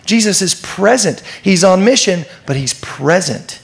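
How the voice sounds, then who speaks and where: Gravelly, conversational preacher. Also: male voice, high-pitched, lively intonation, measured pace. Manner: conversational, emphatic, asks the listeners questions. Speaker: pastor. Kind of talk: sermon.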